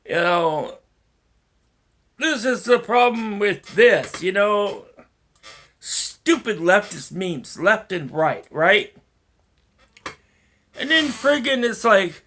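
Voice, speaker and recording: A man's voice: high-pitched, lively intonation, takes it slowly, sharp tone. A man rambling through a solo vlog monologue, swearing often and chuckling to himself. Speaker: vlogger.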